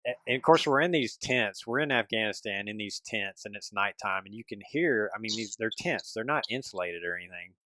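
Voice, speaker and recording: A man's voice: lowish voice, animated, brisk, hardly any pauses, bright, forceful tone, low-quality recording. A middle-aged man hosting a podcast, casual and loose, with many restarts and slang. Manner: loose, laid-back with many restarts and "dude". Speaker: podcast host. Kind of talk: casual chat.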